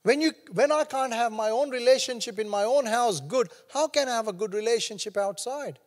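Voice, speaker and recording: A man's voice: very high voice, fairly quick, big-room sound. A man preaching a sermon as pastor to his congregation, emphatic and repetitive with frequent calls of "Amen" and humorous conversational asides. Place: church sanctuary.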